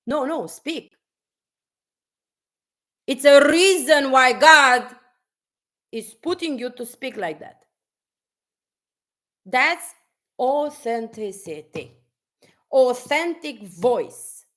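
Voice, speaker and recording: Slow, high-voiced woman preaching bluntly. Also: expressive, fairly bright tone. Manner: blunt and preachy, restarts sentences, swears casually. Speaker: motivational speaker. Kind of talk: unscripted motivational live stream.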